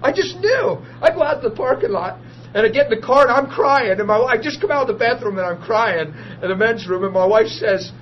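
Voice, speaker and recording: A high-pitched man preaching in an animated storytelling way, acting out voices as he goes. The recording is dull and lo-fi, with a steady noisy hiss behind him. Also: fairly quick, hardly any pauses. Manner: animated storyteller, acts out dialogue, laughs easily. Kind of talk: testimony-driven sermon.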